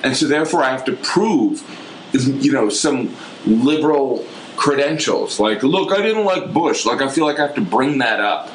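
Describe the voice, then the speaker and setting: An American man, a stand-up comedian, talking in a casual podcast chat, rambling and animated with lively jumps in pitch. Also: moderate pace, roomy sound, a little hiss or hum, rough recording. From United States.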